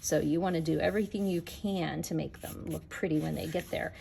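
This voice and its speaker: A woman's voice: low-pitched, steady tone, brisk, gravelly, warm tone. Woman, craft demonstrator, chatty, talks to viewers while working, faint noise behind. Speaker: card-making demonstrator. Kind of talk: casual crafting tutorial.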